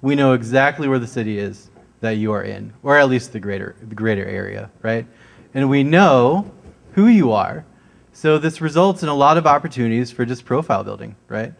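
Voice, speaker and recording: Conference speaker, man, mid-pitched, easygoing, keeps checking in with "right?". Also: animated, normal speed, gravelly. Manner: casual, keeps asking "right?". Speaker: conference presenter. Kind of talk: security conference talk. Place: conference stage.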